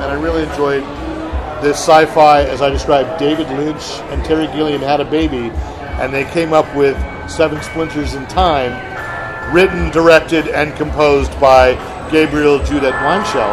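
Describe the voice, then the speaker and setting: A man's voice: a little high, low-quality recording. A man hosting a podcast, talking in a chatty, joking way with lots of fillers. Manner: chatty, jokey, filler-heavy. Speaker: podcast host. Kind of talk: casual interview chat.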